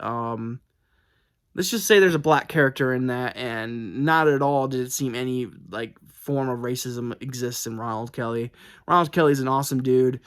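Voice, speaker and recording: A man's voice: mid-range voice, a bit bright, clean tone. Rambling young man showing his book mail. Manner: rambling, self-correcting, chatty with fillers. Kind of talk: casual chat to camera.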